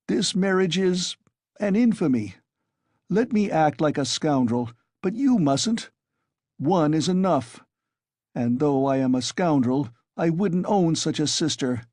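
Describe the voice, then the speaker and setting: A feverish, irritable young man barks and insists, his husky voice raised above the reader's own. A male narrator puts him on. The sound is dry and close. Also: a little high, a little mellow, no room sound, voice pushed up.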